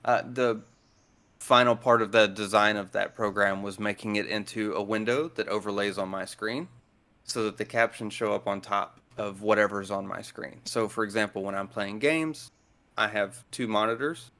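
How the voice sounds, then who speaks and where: A man's voice: on the low side, fairly even intonation, moderate pace, a bit bright. A man speaking as a guest in a casual chat, blunt, direct and dry in manner.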